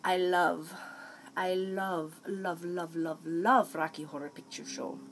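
A young woman chatting excitedly through a makeup haul, often breaking into snippets of song and playful put-on accents. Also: fairly low pitch, takes it slowly, a little hiss or hum, rough recording. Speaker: beauty vlogger. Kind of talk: casual makeup haul chat.

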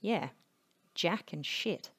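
A man's voice: high-pitched, lively intonation, extremely slow, pushed and bright, slightly rough, full character voice. Woman voicing a sullen evasive teenage boy.

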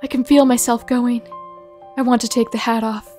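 A woman's voice: fairly high pitch, flat delivery, moderate pace, mellow, soft background music, lightly acted. A woman voicing a dying male snowman who pleads desperately and gasps in agony. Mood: anguished pleading. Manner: desperate, gasping pleas. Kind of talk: comic dramatic reading.

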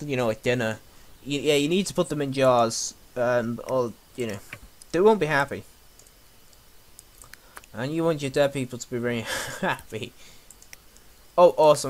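A man's voice: mid-range voice, fairly bright tone. A young man talks his way through a video game, rambling and joking. He scolds and teases the characters on screen. His voice sits in an ordinary middle range for a man. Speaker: gamer. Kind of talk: casual let's play commentary.

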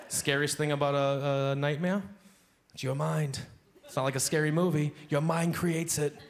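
A man doing a stand-up comedy set on a club stage, animated and jumping into high-pitched acted voices, with a handheld stage mic. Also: moderate pace. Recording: live club recording with audience noise. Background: audience laughter.

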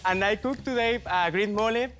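Brief: man contestant, high bright tense voice, emotional, music behind. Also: moderate pace. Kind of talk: confessional interview. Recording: music bed under speech.

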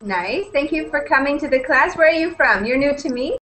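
A woman's voice: high-pitched, expressive, a little fast, fairly bright tone, low-quality recording. A young woman from British Columbia, cheerfully welcoming students one by one as an online English conversation teacher. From British Columbia, Canada. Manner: cheerful and welcoming, greets each student in turn. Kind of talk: upbeat online class chat.

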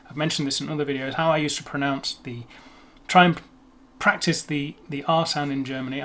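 A man's voice: a little high, a bit bright. Chatty man explaining pronunciation. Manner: chatty, self-deprecating, demonstrates words slowly. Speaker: language video host. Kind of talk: casual explanatory talk on pronunciation.

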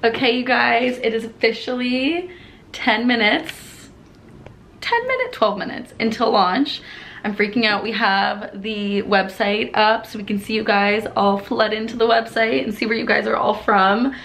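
A woman's voice: fairly high pitch, measured pace, vocal fry, a bit bright, a little hiss or hum. A woman in her twenties, talking to camera in a casual vlog from her apartment, bubbly and chatty with lots of fillers. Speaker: vlogger and brand founder.

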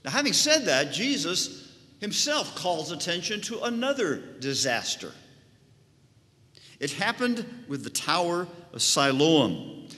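Emphatic preaching pastor in a reverberant church. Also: male voice, on the high side, very animated, measured pace, sharp tone. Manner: emphatic, rising and falling preaching cadence. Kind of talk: sermon. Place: church sanctuary.

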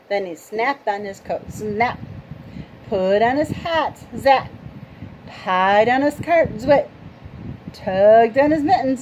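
Woman reading a children's book aloud, fairly high voice, unhurried, background hiss. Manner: slow, animated, asks listeners questions. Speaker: storytime reader. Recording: noisy home recording.

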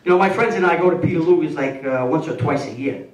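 An older man performing a stand-up routine, telling an animated story and drawing out slow, savoring passages. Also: fairly high pitch, background noise. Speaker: stand-up comedian. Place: comedy club stage. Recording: roomy club sound from a distance, loud audience. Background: audience laughter.

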